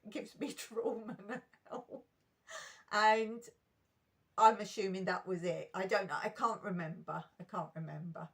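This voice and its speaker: A middle-aged woman recounting school memories in an emotional, animated storytime vlog. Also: mid-range voice, unhurried.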